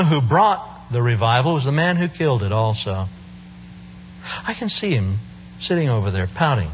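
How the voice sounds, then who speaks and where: A man's voice: medium pitch, muffled recording, slight background noise. A male preacher giving a sermon in a church service, telling the story with humor and playful asides.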